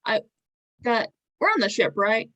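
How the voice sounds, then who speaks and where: A woman chatting casually as a player in a tabletop game, halting and stumbling over her words. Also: a little high, animated, fairly bright tone.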